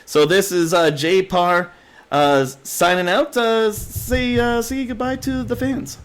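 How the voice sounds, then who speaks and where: An excitable man with a fairly high voice co-hosts a casual movie review podcast. He laughs often and acts out his reactions as he retells scenes. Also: takes it slowly, clear, resonant tone. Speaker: podcast co-host.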